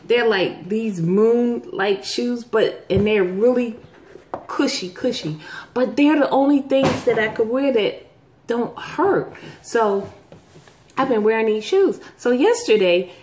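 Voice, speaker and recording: A woman's voice: animated, takes it slowly, darkish tone, a little hiss or hum. Chatty middle-aged woman storyteller. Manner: chatty storyteller, jumps high to act out quoted voices. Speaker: vlog host. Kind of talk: casual chat to viewers.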